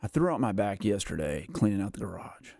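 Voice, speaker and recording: A man's voice: on the low side, sing-song, a little fast, gravelly, a little mellow, a little hiss or hum. A man hosting a casual gameplay livestream, rambling and self-mocking as he chats, tired and worn out. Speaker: gaming livestream host. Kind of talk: casual live gameplay chat.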